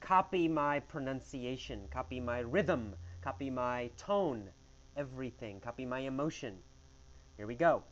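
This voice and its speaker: A man's voice: mid-range voice, animated, measured pace, dull audio. A man teaching English with a question-and-answer story, speaking in an emphatic, exaggerated way.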